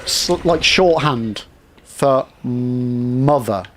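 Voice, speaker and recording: A man's voice: mid-range voice, drawn-out words, slight background noise. A man livestreaming a game, chatting with viewers and swearing at enemies. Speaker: game streamer. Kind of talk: live gameplay commentary chatting with viewers.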